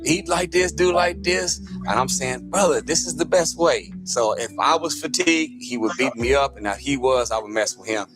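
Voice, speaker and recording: A man telling a motivational story, acting out quotes and returning to a refrain. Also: medium pitch. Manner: animated storyteller, acts out quotes, repeats a refrain.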